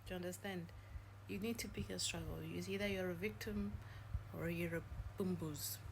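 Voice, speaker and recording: Woman scolding someone, flat dismissive tone, bit of hiss in the background. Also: on the low side, moderate pace, rough recording. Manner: dismissive, lecturing. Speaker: social media commenter. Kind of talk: scolding monologue.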